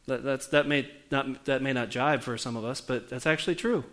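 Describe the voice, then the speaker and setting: A man's voice: mid-range voice, steady tone, a little fast, a bit bright. A man in his forties, a pastor preaching a conversational sermon and putting questions to the congregation. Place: church.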